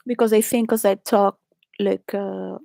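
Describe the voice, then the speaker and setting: A woman's voice: medium pitch, steady tone, unhurried, creaky, mellow, dry recording, studio quality. A woman from Venezuela telling candid personal stories in a rambling way, laughing often and restarting her sentences.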